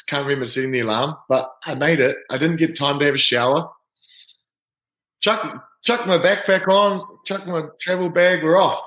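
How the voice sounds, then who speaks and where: A man, a rugby player guest telling an animated story in casual chat. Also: a little high, moderate pace. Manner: lively, animated anecdote-telling. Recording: roomy echo.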